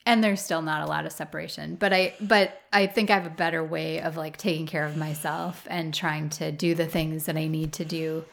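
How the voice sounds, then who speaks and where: Woman, flower farmer, low voice, vocal fry, rambling, filler-heavy, casual interview. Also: fairly even intonation, moderate pace, few pauses, fairly bright tone. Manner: thoughtful, rambling with many fillers.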